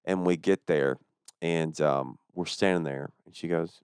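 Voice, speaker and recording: A man, a stand-up comedian, telling a story on a podcast in an animated, profane and exasperated way. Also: low voice, unhurried, smooth. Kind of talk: casual storytelling chat.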